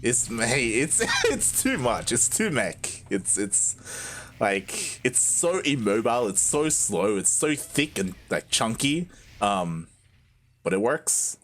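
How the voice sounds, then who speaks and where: A man's voice: medium pitch, big pitch swings, slow, a bit bright, a little hiss or hum. Giggly man casting a live match. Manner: laughs often, chatty and rambling. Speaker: esports caster. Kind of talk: live game commentary.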